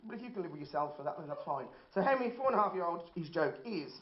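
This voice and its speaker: A man's voice: on the high side, lively intonation, quick pace. A man, telling a dry, self-deprecating stand-up comedy set in an indoor hall. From Birmingham, England. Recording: roomy, dull lo-fi hall recording.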